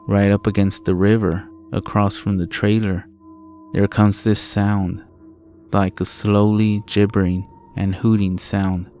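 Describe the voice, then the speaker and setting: A man narrating a first-person horror story in a slow, deliberate, profane way. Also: fairly low pitch, dark tone.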